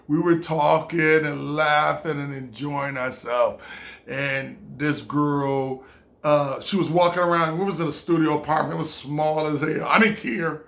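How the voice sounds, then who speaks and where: High-voiced man telling a rambling story. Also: a bit bright. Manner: rambling, with fillers, restarts and acted-out quotes. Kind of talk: casual personal storytelling.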